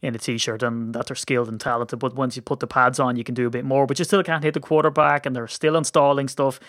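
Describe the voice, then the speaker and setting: A man hosting a sports podcast in casual chat, jokey and teasing, feeling a bit rough. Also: mid-range voice, fairly even intonation, a bit bright, no room sound, clean studio sound. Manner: chatty, jokey, quick to tease. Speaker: podcast host.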